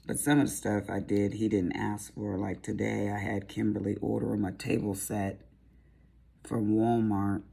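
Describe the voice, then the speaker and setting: A middle-aged Southern woman rambles on in easy, folksy chat as she works at her craft. Her voice is gravelly and husky, with a dark, mellow tone. She drifts from one aside to the next in a relaxed, homey way. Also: very deep voice, normal speed. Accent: Southern American. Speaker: crafting vlogger. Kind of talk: casual chat while diamond painting.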